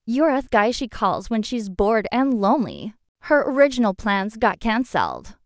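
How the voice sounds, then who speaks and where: A woman's voice: a little high, big pitch swings, moderate pace, no echo, studio quality. A woman giving scripted narration, addressing the listener directly with blunt advice and rhetorical questions. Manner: direct second-person advice.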